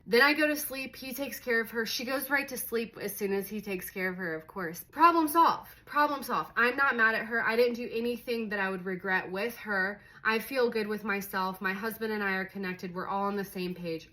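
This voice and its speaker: Bright-voiced woman telling a parenting story. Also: medium pitch, normal speed, few pauses, poor audio. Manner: conversational, many "like" fillers, voices her own inner thoughts. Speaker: parenting educator. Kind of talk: casual teaching talk with personal story.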